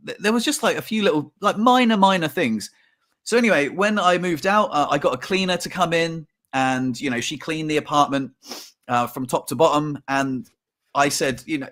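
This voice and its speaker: A young man tells a story on a casual podcast, and his pitch sits a touch high. He talks in an animated way and swears casually. He acts out the other people in his stories as he goes. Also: normal speed. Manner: animated, acts out quotes with big pitch jumps. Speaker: podcast co-host.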